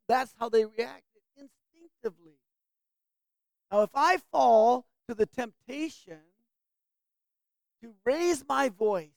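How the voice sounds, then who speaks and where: A woman's voice: high voice, a little mellow, no echo. Woman teaching a bible class, keeps asking the group questions, dry close sound. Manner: asks the group questions and invites answers.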